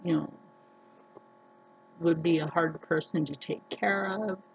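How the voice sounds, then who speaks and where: A woman vlogger talking earnestly to her viewers, telling personal stories slowly with many restarts. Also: sits low, fairly even intonation, creaky, breathy edge, muffled recording. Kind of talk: casual personal talk to camera.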